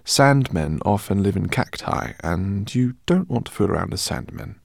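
A man with a gravelly voice on the low side voices a kindly, bookish, middle-aged professor who plays a fussy host. The delivery is animated and moderately paced, genial, courteous, rambling and gently embarrassed. It's a studio-quality recording with no room sound.

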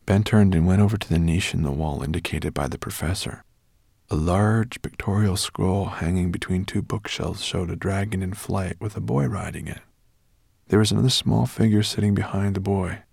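A man narrating a children's fantasy novel in a measured storytelling manner. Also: low voice, creaky, darkish tone, dry recording, clean studio sound. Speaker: audiobook narrator. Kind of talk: scripted narration.

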